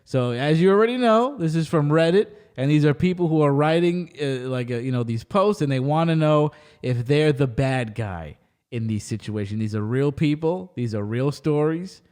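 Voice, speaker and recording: A man's voice: a little high, moderate pace, clear, resonant tone. Emphatic joking podcast host man. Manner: animated, emphatic, jokey ranting. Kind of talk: casual chat.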